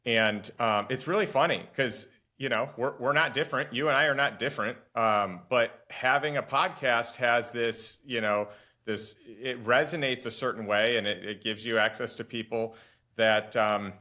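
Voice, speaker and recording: A man hosting an interview podcast, with a bright, forceful tone in a middle pitch. He talks eagerly and rambles a little, repeating words as he goes. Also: moderate pace. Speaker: podcast host. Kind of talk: conversational interview.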